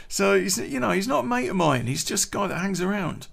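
A man's voice: high-pitched, lively intonation, fairly quick, vocal fry. A man telling a rambling, swear-heavy personal anecdote in a casual way, full of restarts. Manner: profane, rambling, frequent restarts. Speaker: storyteller.

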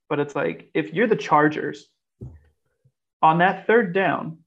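A man's voice: on the high side, gravelly. A man hosting a podcast, chatting casually and ranting about football with frequent laughs. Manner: animated, laughs often, rants. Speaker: podcast host. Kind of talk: casual sports chat. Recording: muffled lo-fi podcast audio.

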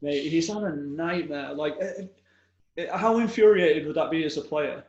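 Chatty higher-voiced podcast man. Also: normal speed, darkish tone, highs cut off. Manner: chatty storyteller, leads the segments. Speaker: podcast co-host. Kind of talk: casual football banter podcast.

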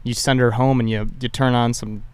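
A man's voice: mid-range voice, flat delivery, a little fast, clear, resonant tone. A young man chatting casually, rambling through crude stories and acting out what people said. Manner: rambling, crude storytelling with voiced quotes. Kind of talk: casual chat.

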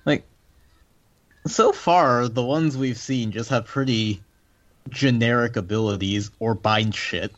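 A man's voice: medium pitch, slow. A man co-hosting a casual chat, hesitant and leaning on "like". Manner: hesitant, leans on "like". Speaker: podcast co-host. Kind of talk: casual chat about a card game. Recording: dull lo-fi audio.

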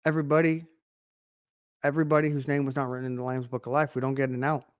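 A man preaching an online sermon to camera, emphatic, asking rhetorical questions and swinging from quiet to loud. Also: mid-range voice, level tone, fast talker, clear, resonant tone, no echo, studio quality.

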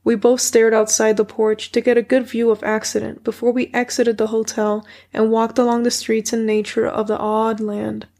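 A woman reading a children's story as an audiobook in a steady first-person narration. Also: on the high side, normal speed, few pauses. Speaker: audiobook reader.

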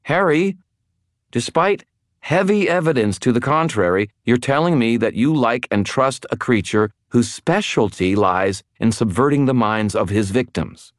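A man voicing a sharp, insistent young woman wizard, lifting his voice well above its usual register. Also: medium pitch, very animated, normal speed, dry recording, clean studio sound, voice pushed up, lightly acted. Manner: urgent and insistent.

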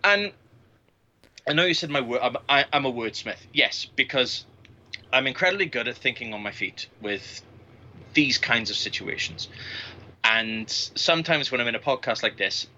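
A man's voice: mid-range voice, lively intonation, normal speed, bright, forceful tone, muffled recording, slight background noise. A man in his late thirties, a podcast guest, telling crude, boastful anecdotes full of swearing in casual chat. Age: 30s. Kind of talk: casual storytelling.

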